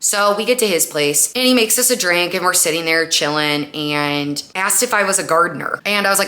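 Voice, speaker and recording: A young woman with a low-set voice that still rings bright and forward, hosting her own podcast. She tells a personal story in a loose, chatty way, full of "like" and little acted-out quotes. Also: normal speed. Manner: chatty, animated retelling with frequent "like" and acted-out quotes. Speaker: podcast host. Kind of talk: casual storytelling podcast monologue.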